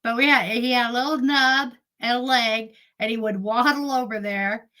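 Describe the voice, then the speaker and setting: A woman's voice: fairly high pitch, steady tone, moderate pace, bright, forceful tone, poor audio. Chatty woman telling stories on a live stream. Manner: chatty storyteller, laughs often, greets viewers. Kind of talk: casual live-stream chat.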